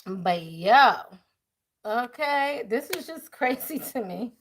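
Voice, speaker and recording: A woman's voice: fairly high pitch, lively intonation, slow pace, a bit bright, slight background noise. A woman doing a live tarot reading, chatting casually and talking to her viewers as y'all. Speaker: tarot reader.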